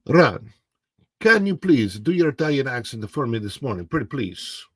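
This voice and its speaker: A man's voice: mid-range voice, very animated, normal speed, no room sound. A middle-aged man hosting a casual livestream, chatting and reading viewer comments aloud. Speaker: livestream host.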